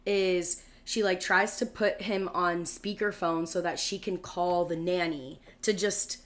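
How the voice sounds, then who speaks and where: A woman's voice: lowish voice, steady tone, a little slow, a bit bright. A woman in her thirties co-hosting a podcast, telling a long story in casual chat with lots of "like" fillers and acted-out quotes. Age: 30s. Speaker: podcast co-host.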